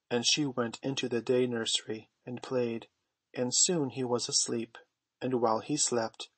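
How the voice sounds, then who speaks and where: Brief: male storybook narrator, mid-pitched, gentle measured delivery, dry close-mic recording. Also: no echo. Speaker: audiobook narrator. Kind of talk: storybook reading.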